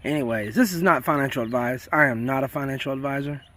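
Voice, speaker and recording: Speaking fast in a mid-range, fairly bright voice, a South Carolina man hosts his homesteading channel outdoors on a farm beside his chickens, with a little hiss or hum in the audio. He rambles in a casual, folksy, chatty way and says y'all a lot.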